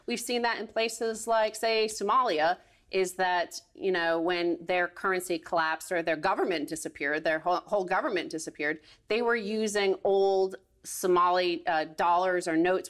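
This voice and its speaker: A female co-host talks through market ideas in a rambling, chatty way. She laughs often mid-sentence. Her pitch sits in a mid range. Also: fairly bright tone. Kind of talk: casual financial talk show banter.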